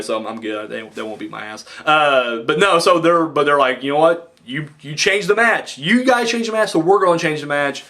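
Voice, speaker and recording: A man rambling excitedly through a wrestling show recap, acting out quotes with big jumps in his voice. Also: mid-range voice. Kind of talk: casual recap monologue.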